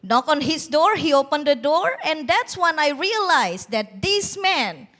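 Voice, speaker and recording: A woman's voice: high voice, sing-song, unhurried, a bit bright. A young woman performing a stand-up comedy routine on a TV competition stage, with a bold, teasing, self-mocking delivery.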